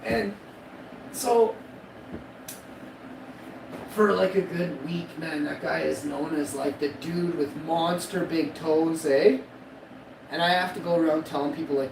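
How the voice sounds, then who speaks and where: A man's voice: a little high, slow, creaky, pauses often. A man in his forties streaming live, telling a rambling, boastful, profane story and laughing at his own jokes. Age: 40s. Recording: echoey room, distant mic, loud background noise.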